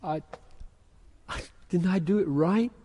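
A pastor preaching a sermon, moving from quiet musing into loud, intense emphasis. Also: male voice, high-pitched, slow pace, a little hiss or hum. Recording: echoey hall with long reverb.

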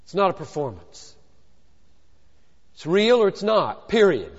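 A man preaching a sermon, emphatic, swinging from hushed to loud, with rhetorical questions and repetition. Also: sits high, sing-song, measured pace. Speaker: pastor. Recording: dull lo-fi recording in a long-reverb hall.

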